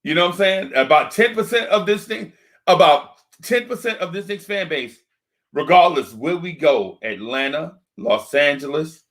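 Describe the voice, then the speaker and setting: A man hosting a sports fan talk stream into a desk microphone. He rants in an animated, repetitive way and keeps yelling the same rhetorical questions. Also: on the high side, moderate pace. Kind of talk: live-streamed fan rant.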